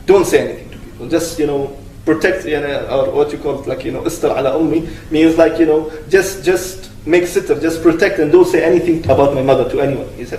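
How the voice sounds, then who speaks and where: A man's voice: fairly high pitch, brisk, a little mellow, slight background noise. Earnest man telling a story in an echoey room. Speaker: religious speaker. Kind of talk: retelling a cautionary religious story. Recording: echoey room, distant mic.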